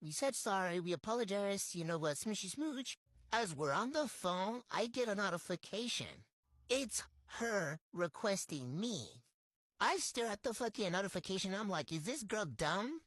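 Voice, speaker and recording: A woman's voice: medium pitch, sing-song, normal speed, dry recording. A young woman from tells a get-ready-with-me storytime into her phone, blunt, slangy and swearing freely. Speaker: storytime vlogger.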